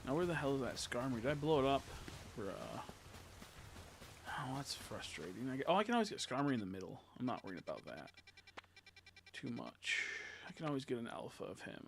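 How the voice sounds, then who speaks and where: A man streaming a video game live, muttering to himself as he plays, swearing a lot and breaking into frustrated shouts. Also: mid-range voice, very animated, brisk, creaky, pauses often, slight background noise. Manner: mutters and talks to himself while playing. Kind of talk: live gameplay commentary.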